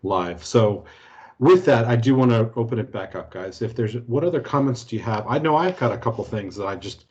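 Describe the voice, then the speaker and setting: A man moderating a corporate training webinar over a video call, easygoing and halting, with many fillers. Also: medium pitch, animated, a little mellow. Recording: muffled video-call audio.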